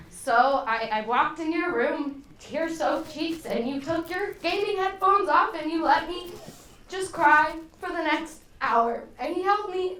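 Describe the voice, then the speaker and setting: A woman's voice: high-pitched, fairly bright tone. A woman, the groom's sister, giving a teasing wedding toast while fighting back tears. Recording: echoey hall from far off, crowd behind.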